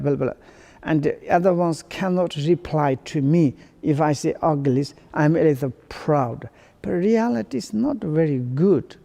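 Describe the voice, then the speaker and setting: A man teaching Buddhist dharma to his students in broken, halting English, restarting his phrases as he reflects with quiet humor. His voice sits slightly high, with a gravelly, creaky edge and a warm, mellow tone. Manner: halting non-native English with many restarts.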